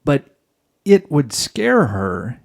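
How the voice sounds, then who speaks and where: A man's voice: mid-range voice, huge pitch swings, very slow, vocal fry. A man hosting an advice podcast, talking emphatically and jokingly, often acting out both sides of a dialogue. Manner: emphatic, jokey, acts out dialogue. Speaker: podcast host giving marriage advice.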